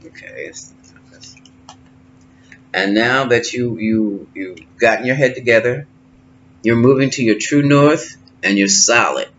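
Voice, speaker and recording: A man's voice: mid-range voice, fairly even intonation. Man musing through a tarot reading. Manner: musing, thinking aloud with pauses. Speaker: tarot reader. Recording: slightly dull lo-fi sound with faint noise.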